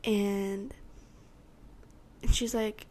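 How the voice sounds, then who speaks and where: This podcast host is a teenage girl from Texas who draws out her words in a mellow, mid-range voice with a level tone. Her storytelling rambles as she gives a personal testimony, voicing her own lines and those of the people around her.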